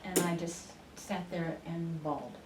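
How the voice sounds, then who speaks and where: In a radio interview, a spiritual channeler appears as a guest and tells stories at an unhurried pace, often restarting and using fillers. Her voice is lowish and a little mellow, captured in a roomy, distant studio with faint hiss.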